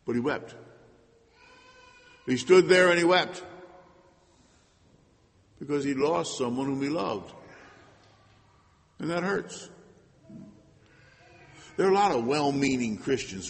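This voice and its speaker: A man preaches a sermon at an unhurried, deliberate pace, with a voice of middling pitch. He is earnest, leaning hard on some words and dropping to a hush on others. A long hall reverb trails behind each phrase. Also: lively intonation. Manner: earnest, swings between loud emphasis and hushed asides.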